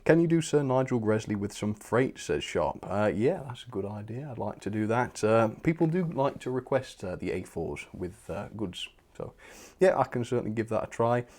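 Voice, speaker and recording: A man's voice: fairly low pitch, expressive, normal speed, darkish tone. A young man hosting a model railway live stream, chatting cheerfully and thanking viewers, with fillers and little laughs. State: a bit out of breath.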